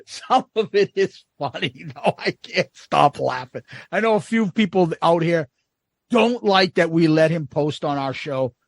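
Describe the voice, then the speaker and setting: A man's voice: on the high side, animated, measured pace, gravelly, dry recording, studio quality. A man co-hosting a podcast in casual chat, blunt and rambling, swearing freely. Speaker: podcast co-host.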